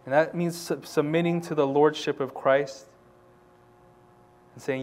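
A pastor preaching a sermon, reading scripture quietly and then building to loud, rising exhortation. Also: male voice, medium pitch, level tone, normal speed, clean tone.

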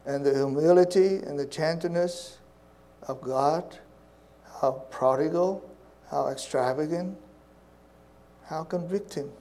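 Earnest, soft-spoken male preacher, mellow voice. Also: on the high side, takes it slowly, pauses often, rough recording. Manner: earnest, repeats phrases, drops to soft hushed tones. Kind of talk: sermon.

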